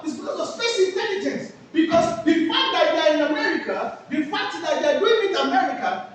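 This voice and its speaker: A woman teaches a class, throwing questions at it and answering them herself. Her voice is high and lively, with wide swings of pitch. She is heard from a distance in a very echoey room with faint background noise. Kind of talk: classroom lecture with call-and-response questions.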